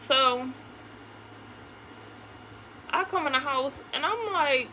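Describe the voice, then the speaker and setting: High-voiced young woman telling a profane story. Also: slow pace, long pauses. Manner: animated, profane storytelling with acted-out quotes. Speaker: vlogger. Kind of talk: casual storytime while doing makeup. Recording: noisy home recording.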